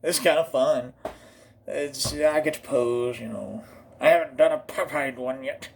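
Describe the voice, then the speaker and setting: A man from Oklahoma with an Oklahoma drawl talks through a rambling, jokey comedic monologue as host. His voice has a gravelly rasp at a mid-range pitch. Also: a little slow, a little hiss or hum. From Oklahoma, USA.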